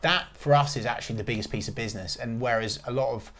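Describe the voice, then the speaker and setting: A man's voice: mid-range voice, fast, fairly bright tone. Confident emphatic man chatting football. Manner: emphatic, confident opinions with restarts. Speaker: podcast host. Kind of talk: casual football chat.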